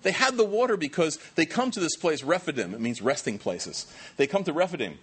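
Husky-voiced man preaching conversationally. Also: on the high side, fairly quick. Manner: conversational, animated storytelling with many fillers. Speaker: pastor. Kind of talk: sermon.

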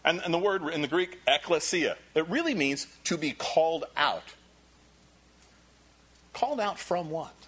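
A man preaching a sermon as pastor, animated and repeating key phrases for emphasis. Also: fairly high pitch, unhurried, pauses often, breathy edge.

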